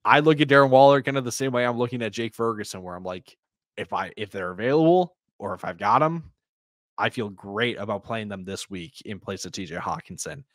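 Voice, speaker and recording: A man's voice: on the low side, a little fast, fairly bright tone, no echo, clean studio sound. A man co-hosting a podcast, laid-back but stat-heavy as he makes his fantasy football case. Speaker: podcast co-host. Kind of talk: casual fantasy football chat.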